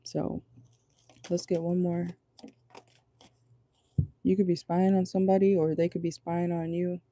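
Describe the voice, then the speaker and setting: A man with a dark, gravelly voice gives a relaxed tarot reading from a parked car. He sits a bit high in his range and talks loosely, reassuring his listeners. He keeps checking in with a casual "okay?". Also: a little slow. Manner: loose, chatty, reassuring, many fillers like "okay?". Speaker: tarot reader.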